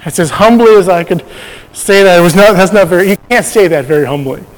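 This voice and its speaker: A man's voice: high voice, quick pace, big-room sound, poor audio. A man sharing a personal faith testimony in a conversational storytelling way, often restarting his sentences.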